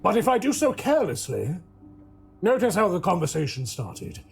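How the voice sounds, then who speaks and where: Tts guy doing a gravelly old hunter mentor, formal and grim, pitch swinging, soft music behind. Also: wildly swooping pitch, normal speed, full character voice. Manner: portentous, lecturing delivery. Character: grave older male vampire hunter, secretive mentor. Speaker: father-in-law figure.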